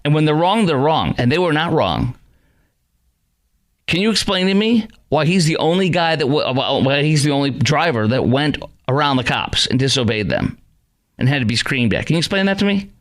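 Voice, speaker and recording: A man's voice: fairly high pitch, animated, normal speed. A man hosting a talk radio show, arguing with emphatic rhetorical questions into a studio microphone.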